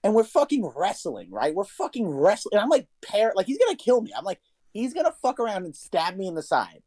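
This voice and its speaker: A man's voice: sits high, huge pitch swings, fairly quick, a little mellow, no echo. A young man co-hosting a podcast, telling a story in casual chat, swearing a lot and talking with animation. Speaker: podcast co-host.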